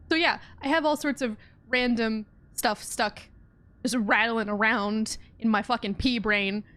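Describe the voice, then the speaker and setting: A woman's voice: a little high, fairly even intonation, a little slow, a bit bright. Chatty young woman streaming a game. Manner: rambling, chatty, laughs often. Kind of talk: casual let's-play chat.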